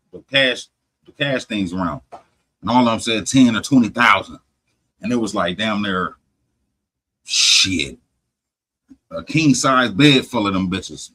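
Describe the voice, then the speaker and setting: A man hosting a podcast, retelling a story in casual profane talk, animated, swearing heavily and restarting often. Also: lowish voice, breathy edge, poor audio. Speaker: podcast host.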